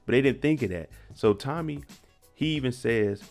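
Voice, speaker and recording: A man's voice: medium pitch, normal speed, a little mellow, soft background music. A man recapping a TV episode in a slangy, conversational way, talking straight to his viewers.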